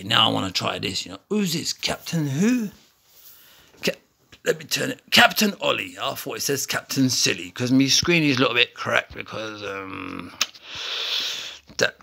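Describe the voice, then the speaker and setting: A man chatting his way through a mobile game, playful and prone to tangents. His voice is deeply gravelly, with a bright, forceful edge, and sits a little low. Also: a little hiss or hum, rough recording. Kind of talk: rambling gameplay commentary.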